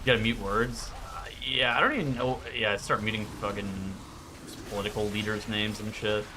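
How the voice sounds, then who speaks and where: A man's voice: lowish voice, steady tone, moderate pace, background noise. A man streaming live, chatting casually in a profane, rambling way.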